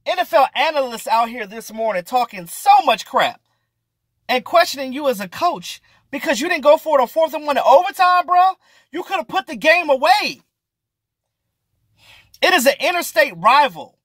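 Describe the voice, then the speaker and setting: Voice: high-pitched, big pitch swings, normal speed, long pauses, a bit bright, no echo. A sports vlogger ranting through casual, exasperated commentary, with slang and swearing, hammering points by repeating them.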